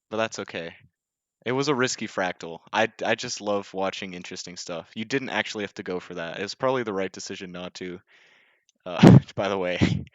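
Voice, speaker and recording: A man's voice: on the low side, a bit bright, no echo, muffled recording. A young man casting a live game, casual and joking, often self-deprecating and full of fillers. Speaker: esports caster.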